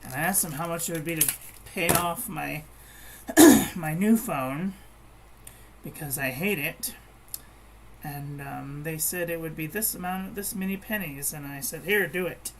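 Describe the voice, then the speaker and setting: A woman's voice: deep voice, measured pace, slight background noise. A woman chatting casually while she crafts at home, rambling and meandering, with frequent restarts. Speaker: crafting vlogger.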